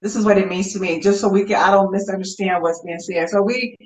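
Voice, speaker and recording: A woman's voice: mid-range voice, steady tone, fast. Woman in an echoey room. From United States. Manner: thoughtful, repeats herself while finding words. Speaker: guest. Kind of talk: casual interview chat. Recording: roomy echo, distant from the mic.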